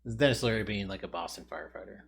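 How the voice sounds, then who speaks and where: A man's voice: lowish voice, very fast, gravelly, fairly bright tone, husky. A man hosting a trivia video, thinking aloud and rambling casually as he tries to recall answers. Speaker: trivia video host playing along. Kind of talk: casual commentary while answering quiz questions.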